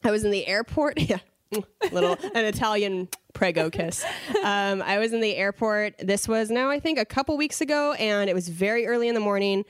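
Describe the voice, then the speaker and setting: A woman's voice: medium pitch, lively intonation, brisk, smooth, dry recording. A woman co-hosting a casual podcast chat, telling stories animatedly, acting out quotes and laughing often. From Los Angeles area. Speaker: podcast co-host.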